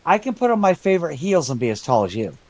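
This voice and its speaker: A man's voice: a little high, sing-song, quick pace, a little mellow, no echo. A man co-hosting a live podcast, cracking crude, mocking jokes. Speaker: podcast co-host. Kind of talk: comedic live podcast banter.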